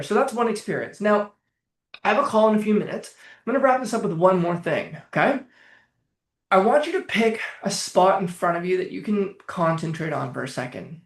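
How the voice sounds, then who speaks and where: A man speaking as a coach in a casual, energetic way, swearing freely as he leads listeners through guided exercises. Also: high voice, echoey room. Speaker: trauma coach.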